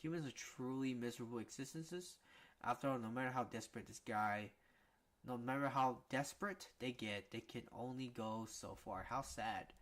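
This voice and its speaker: A man's voice: mid-range voice, normal speed, fairly bright tone, close to an everyday voice. A man voicing a cold, mocking male demon, reading his lecturing lines aloud. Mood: gloating.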